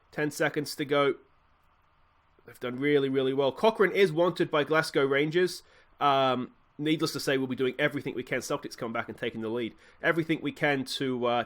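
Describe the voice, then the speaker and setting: An Australian man giving chatty let's-play commentary on a football management game, muttering asides and bursting with excitement at goals. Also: mid-range voice. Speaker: gaming YouTuber.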